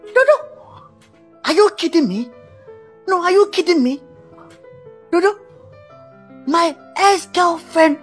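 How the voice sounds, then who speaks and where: Melodramatic heartbroken male musician, high voice, faint background music. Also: exaggerated voice. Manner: wailing, melodramatic, repeats himself. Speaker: comic actor. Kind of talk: comedy skit acting.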